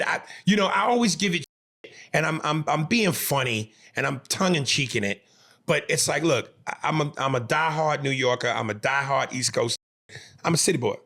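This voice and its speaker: Gravelly, animated New York man. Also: a little high. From New York City. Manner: animated, profane, emphatic, frequent restarts. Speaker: podcast co-host. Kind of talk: casual podcast chat.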